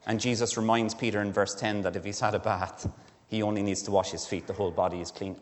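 A man's voice: on the low side, fairly even intonation, quick pace, big-room sound. A man preaching a sermon in a conversational way, asking his listeners direct questions, in a church.

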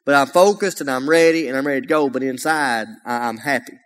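A man's voice: mid-range voice, fairly quick, a bit bright. A man from Alabama with a Southern accent, preaching a folksy, humorous sermon as a guest speaker, often raising his voice. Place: church sanctuary. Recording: long church reverb.

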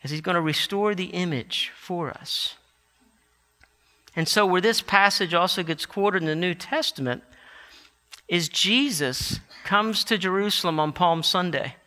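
A man with a high, ringing, very bright voice preaches a sermon, swelling into emphatic declarations. His words carry a long reverb, as though spoken in a big church sanctuary. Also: measured pace. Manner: animated, rising to emphatic declarations.

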